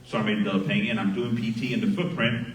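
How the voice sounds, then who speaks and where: A middle-aged sergeant major from Miami giving a graduation speech at a ceremony, speaking into a podium microphone and telling a story with lively acted dialogue. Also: male voice, fairly low pitch, very fast. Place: large hall at a graduation ceremony. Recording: echoey hall heard from far off.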